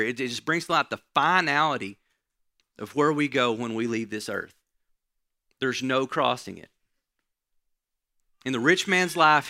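A man preaches a sermon in a gravelly, bright, medium-pitched voice, teaching conversationally and checking in with listeners through frequent "right?" asides. The sound is dry and close, with no room sound.

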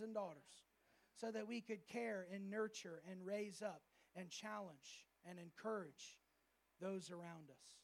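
A male pastor preaching a sermon at a church service, lively and humorous, often acting out the voices of people he quotes. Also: sits high, a little slow, gravelly.

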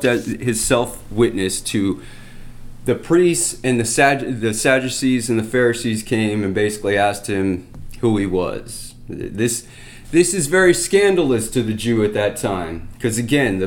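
A man teaching from the Bible, reading scripture aloud and then explaining it in plain talk, often restarting his sentences. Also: fairly low pitch. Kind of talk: sermon.

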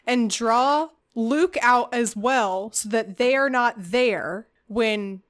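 A woman co-hosting a podcast, retelling a film in lively casual chat with laughs, recorded with static-y audio. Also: a little high, slow. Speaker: podcast co-host.

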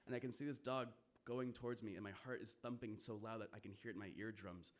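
A man's voice: lowish voice, steady tone, fast. A man telling a vivid first-person story to an audience, swearing and laughing now and then.

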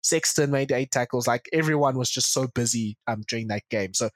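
A man's voice: medium pitch, a little fast, no room sound. A man hosting a rugby podcast in a casual way, steering the talk and listing match statistics. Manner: steers the talk, lists stats. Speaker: podcast host.

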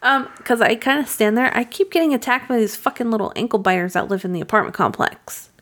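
A woman's voice: a little high, quick pace, fairly bright tone. A woman co-hosting a podcast, talking bluntly in casual chat and swearing freely. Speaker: podcast co-host.

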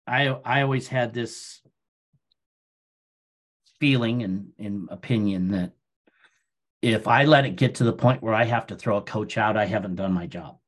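A middle-aged man from Iowa, a grain businessman, chatting calmly in an interview and telling stories at an unhurried pace with frequent ums. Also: lowish voice. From Iowa, USA. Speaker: guest, grain business owner. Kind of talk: casual interview chat.

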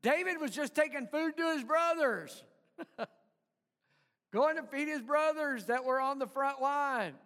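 A man preaching in a very high voice at a slow, deliberate pace. He is emphatic, repeats himself in stammers and keeps calling on the congregation to answer. His voice rings with long reverb from a large church hall. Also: pushed and bright. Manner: emphatic, call-and-response with the congregation. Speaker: pastor. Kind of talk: sermon.

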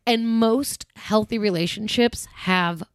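A woman's voice: mid-range voice, takes it slowly, clear, resonant tone, dry recording, clean studio sound. A woman in her thirties hosting a podcast, chatting casually about relationships and laughing easily. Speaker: podcast host.

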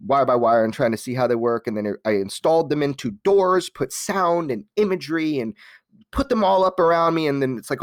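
A man from Los Angeles, telling his life story as an interview guest in a candid, animated way, with many restarts and some casual swearing. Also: mid-range voice, no echo, studio quality.

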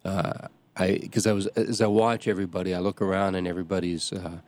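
A middle-aged man, a parish priest hosting a show, talking casually in a halting way with many restarts and fillers. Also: deep voice, level tone, a little mellow, no room sound. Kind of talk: casual talk.

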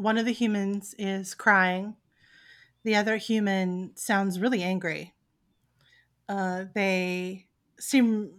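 A woman narrates a tabletop role-play scene at an unhurried pace, slow and steady. Her storytelling is playful and she describes sounds vividly. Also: medium pitch. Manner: storytelling, playful, puts on character voices. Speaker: game master.

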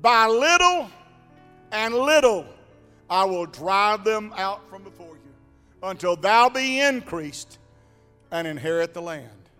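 A man with a high voice delivers a sermon in a church with a long echo. Faint organ music plays behind him. He swings between near-whispered passages and ringing, shouted calls. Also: a little slow, clear, resonant tone. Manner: builds from quiet to shouting, sing-song preaching cadence. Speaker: preacher. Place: church sanctuary.

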